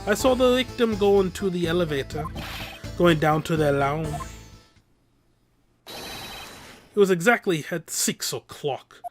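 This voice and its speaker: A man's voice: high voice, a little slow, pauses often, faint music behind. A man voicing a haughty, impatient rich male art dealer with a put-on French accent. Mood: pompous. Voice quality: pompous, clipped, dismissive.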